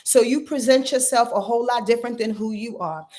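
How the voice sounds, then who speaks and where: A woman doing a casual livestream from home, giving quick astrology readings in an animated, slangy way and talking straight to her viewers. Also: a little high.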